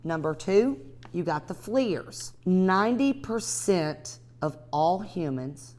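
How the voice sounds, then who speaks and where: A woman teaching a live class on real estate cold calling. She talks to her students by name in an energetic, direct way. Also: fairly low pitch. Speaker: real estate investing instructor.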